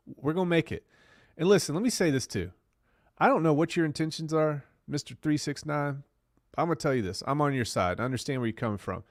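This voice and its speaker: Blunt male streamer, gravelly fry, slangy, repeats himself for punch. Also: mid-range voice, no room sound, studio quality. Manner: blunt, brash, street slang; repeats phrases for emphasis. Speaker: crypto livestream host. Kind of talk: casual livestream talk.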